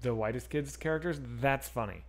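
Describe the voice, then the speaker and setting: A man's voice: medium pitch, fairly quick. A man in his forties streaming a video game, chatting loosely with his viewers and swearing as he plays. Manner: loose and profane, talks to chat while playing. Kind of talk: casual gaming livestream chat.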